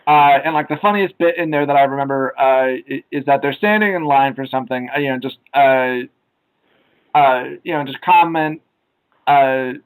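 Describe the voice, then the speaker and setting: A young man co-hosting a casual podcast, rambling with many filler sounds and now and then shouting out quoted lines. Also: mid-range voice, moderate pace, clean tone, rough recording. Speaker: podcast co-host.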